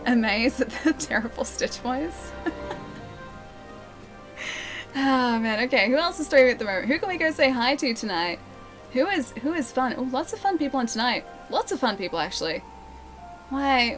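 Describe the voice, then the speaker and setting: A young woman livestreaming a game, chatting casually and giggling as she reads her chat aloud. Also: a little high. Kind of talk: casual live-stream chat.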